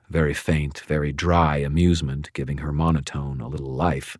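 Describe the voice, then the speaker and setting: Super deep man reading a story in first person, wry and measured, dry close mic. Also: flat delivery, no room sound. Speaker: narrator. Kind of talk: first-person audiobook narration.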